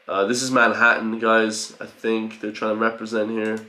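A man giving an excitable, profane reaction commentary, full of loud exclamations. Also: lowish voice, normal speed. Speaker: reaction video host. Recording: roomy home recording with faint music.

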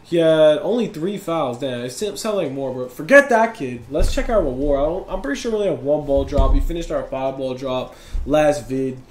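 Loud competitive young gamer guy. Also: on the high side, expressive, normal speed, reverberant. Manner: competitive, yells and complains at opponent. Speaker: gaming YouTuber. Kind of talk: live gameplay commentary.

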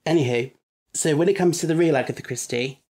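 A man's voice: a little high, quick pace, darkish tone. A young man, co-hosting a casual podcast chat and laughing easily as he tells stories. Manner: chatty storyteller, laughs easily. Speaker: podcast co-host. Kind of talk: casual chat reviewing an episode.

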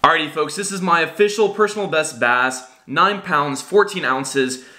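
Bright-voiced fishing vlog host. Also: male voice, on the high side, moderate pace. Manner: upbeat, addressing viewers directly. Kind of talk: casual vlog intro and outro.

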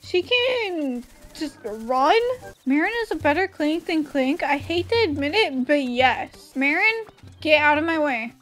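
A woman streamer commenting on a video game, excitable and swearing freely. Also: high voice, a little slow. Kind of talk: game let's play commentary.

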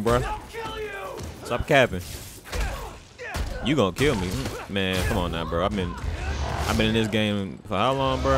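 A man giving loud, excitable commentary while playing a video game, trash-talking the characters on screen. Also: lowish voice. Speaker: gameplay commentator. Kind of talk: casual let's-play commentary.

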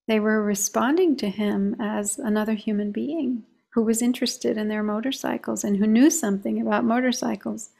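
Woman, meditation teacher, unhurried delivery, calm, measured storytelling. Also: a little high, creaky. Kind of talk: reflective discussion on meditation.

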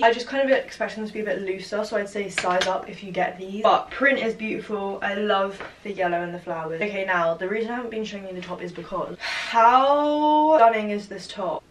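A young woman in her twenties doing a bubbly, casual try-on haul, chatting constantly with lots of "like" and "literally". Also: mid-range voice. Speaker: fashion vlogger. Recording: roomy, distant camera audio with light hiss.

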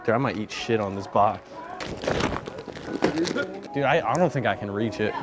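A man's voice: on the low side, moderate pace. Slangy young man vlogging with music. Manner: slangy, joking, swears a lot. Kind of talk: casual chat.

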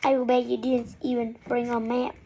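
A woman's voice: a little high, level tone, moderate pace, mellow, husky. A woman voicing a bossy, scornful young girl who sneers and orders people about, read from a storybook.

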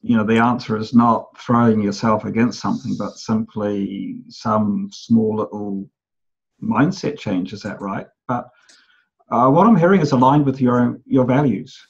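Man, interviewer, gravelly husky voice, hesitant thoughtful phrasing, lo-fi recording. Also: lowish voice, fairly even intonation, unhurried. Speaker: interviewer, host. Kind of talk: conversational interview.

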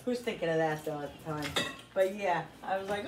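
A woman's voice: fairly low pitch, a little fast. A woman in her fifties hosting a home cooking video, telling stories in a chatty way and acting out the voices in them. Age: 50s. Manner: chatty storyteller, acts out the voices in her anecdotes. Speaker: cooking channel host. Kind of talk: casual kitchen chat. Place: home kitchen. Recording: echoey kitchen, faint noise.

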